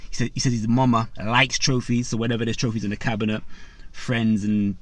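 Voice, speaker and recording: A man's voice: medium pitch, flat delivery, fairly quick, no room sound. A man hosting a boxing channel, casually retelling a story with lots of fillers, briefly acting out the people in it and turning to talk to his viewers. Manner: retells a story with many fillers, acts out quotes, addresses viewers.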